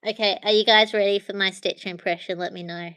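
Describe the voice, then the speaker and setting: A woman streams live from her phone, chatting to viewers in a loose, rambling way. Her voice is bright and crisp. The sound is close and dry. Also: medium pitch, fairly even intonation, fairly quick, no echo. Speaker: livestream host. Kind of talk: casual livestream chat with viewers.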